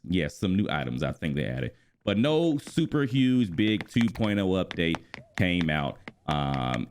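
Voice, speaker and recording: A man in his thirties casually chatting about a video game while he plays, animated and quick to exclaim. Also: on the low side. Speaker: gaming YouTuber and streamer. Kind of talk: casual gaming vlog commentary while playing. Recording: music bed playing clearly behind the voice.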